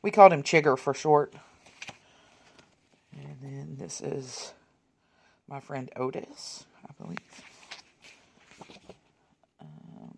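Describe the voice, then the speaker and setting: A woman, chatting casually while leafing through old photos, rambling and muttering soft asides. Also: very deep voice, gravelly, a little hiss or hum. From Texas. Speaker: vlogger. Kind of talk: casual reminiscing over a photo album.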